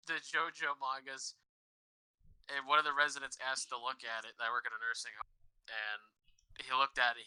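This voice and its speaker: A man's voice: medium pitch, sharp tone, clean tone, no echo, low-quality recording. A man co-hosting a podcast, telling stories in casual chat, swearing freely and laughing often. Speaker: podcast host.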